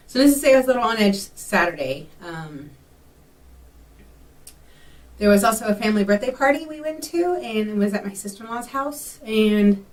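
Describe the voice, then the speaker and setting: A young Texan woman vlogs casually, telling a rambling personal story stuffed with "um" and "like." Her voice is medium-pitched, and the mic sounds distant.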